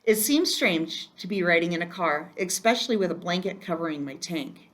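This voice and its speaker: A woman reading a first-person children's chapter book aloud in a gentle storytelling manner. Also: lowish voice, animated, normal speed. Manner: gentle, storytelling, occasional slips. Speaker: reader.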